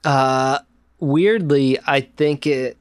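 A man's voice: medium pitch, drawn-out words, smooth, dry recording. Dry hesitant man on a film podcast. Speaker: podcast co-host. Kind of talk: casual film podcast chat.

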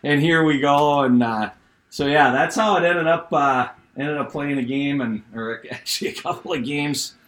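A middle-aged man and former hockey player, telling a story in casual chat, animated and laughing as he goes. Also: a little high, normal speed.

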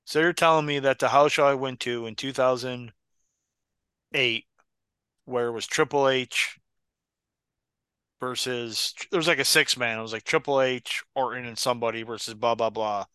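A man's voice: medium pitch, steady tone, moderate pace, pauses often, bright, forceful tone, clean tone, no echo, studio quality. A man co-hosting a casual podcast watchalong, argumentative and joking as he talks over a match. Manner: argumentative, joking, breaks into laughter. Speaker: podcast co-host.

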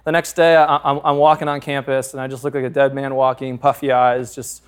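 A man's voice: mid-range voice, little pitch movement, fairly quick, smooth. A man in his thirties, a pastor, preaching a sermon through candid, humorous personal stories. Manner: candid, humorous storytelling with frequent laughs.

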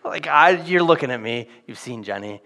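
A man's voice: on the high side, expressive, moderate pace, vocal fry, pushed and bright. A man preaching a sermon in a conversational, jokey style with modern slang. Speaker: pastor.

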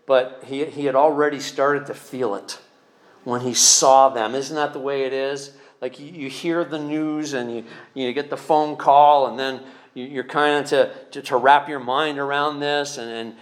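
A man's voice: mid-range voice, fairly even intonation, measured pace. A man preaching as a pastor, speaking conversationally with repeated words and emphatic rises. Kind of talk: sermon.

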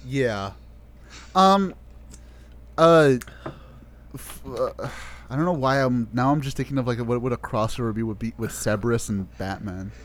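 A man's voice: medium pitch, a little slow, pauses often. A man in casual chat, blunt and sarcastic, swearing freely. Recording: noisy recording with clicks.

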